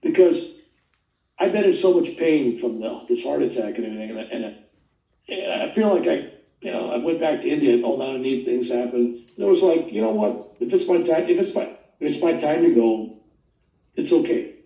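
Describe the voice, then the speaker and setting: Older man, rambling animated storyteller, mellow tone, distant mic, roomy echo. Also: a little high, fairly quick, creaky. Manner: rambling, animated, quotes voices. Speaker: guest telling his near-death story. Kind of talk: casual storytelling interview.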